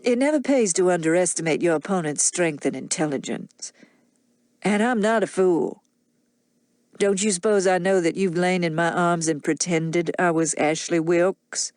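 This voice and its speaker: A woman voicing a drunken, mocking Southern gentleman who menaces his wife with a slow, low drawl. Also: no echo, studio quality, lightly acted.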